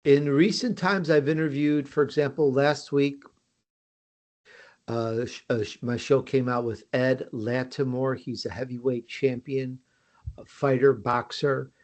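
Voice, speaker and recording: An American man chatting as a podcast guest in an easygoing, self-promoting way. He often restarts his sentences and uses fillers. His voice sits at a middling pitch. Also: fairly even intonation, measured pace, a little mellow. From United States. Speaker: podcast guest, host of his own show. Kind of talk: casual interview talk.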